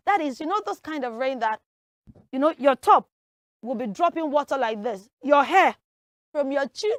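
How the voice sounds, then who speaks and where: A woman teaching English usage, acting out everyday scenes with lively voices. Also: high-pitched, no room sound, studio quality. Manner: animated, acts out everyday scenes. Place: television studio.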